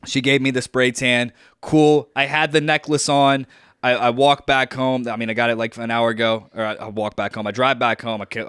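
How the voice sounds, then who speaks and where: A young man co-hosts a podcast from home, rambling and joking with plenty of fillers. His voice is smooth and clear at a middle pitch. The sound is dry and close to the mic. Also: fairly bright tone, no room sound. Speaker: podcast co-host. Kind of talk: casual podcast chat. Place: at home on a video call.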